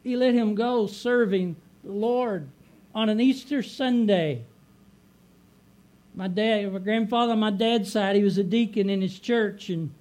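A middle-aged man with a strikingly high voice, preaching a heartfelt sermon. He builds emphasis through repetition and drags out key phrases. His delivery rises and swells as he drives each point home. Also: a little mellow. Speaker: pastor.

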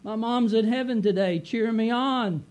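A middle-aged man with a strikingly high voice, preaching a heartfelt sermon. He builds emphasis through repetition and drags out key phrases. His delivery rises and swells as he drives each point home. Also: normal speed, a little mellow. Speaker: pastor.

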